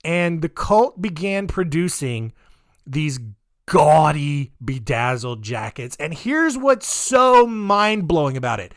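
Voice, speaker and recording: Animated, joking man telling a story. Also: high-pitched, slow, no echo, clean studio sound. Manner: sarcastic, laughing, mock voices for the people in his story. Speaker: podcast host. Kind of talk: casual storytelling podcast.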